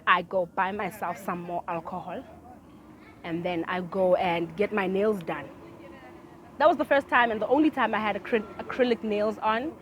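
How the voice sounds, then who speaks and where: A woman telling a personal story in casual chat. She swings from low mutters to loud outbursts and often laughs as she talks. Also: normal speed, a little hiss or hum. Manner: laughs through her own story.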